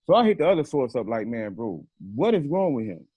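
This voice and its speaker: A man's voice: mid-range voice, very animated, fairly quick, warm tone, slightly rough, dry recording. A man being interviewed, telling a story in a casual, profane way and acting out the phone calls he quotes. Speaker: interview guest.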